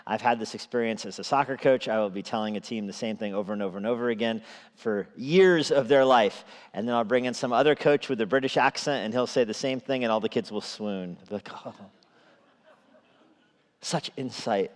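A man's voice: mid-range voice, fast. A male pastor giving an evening sermon in a conversational way, with asides and chuckles. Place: church sanctuary. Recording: long reverb of a large hall.

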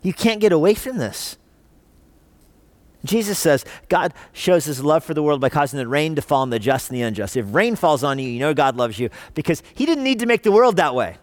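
Male pastor, sermon delivery, higher voice with a lively swing, dry close sound. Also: brisk, no room sound. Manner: animated, conversational preaching with rhetorical questions. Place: church.

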